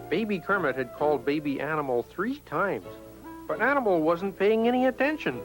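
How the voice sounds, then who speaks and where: Animated high-voiced male storyteller. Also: normal speed, soft background music, low-quality recording. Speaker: storybook narrator. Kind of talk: scripted read-aloud narration.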